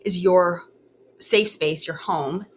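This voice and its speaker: A woman in her thirties, a podcast guest, telling her story in a candid, halting way with many restarts. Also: fairly low pitch, slight background noise.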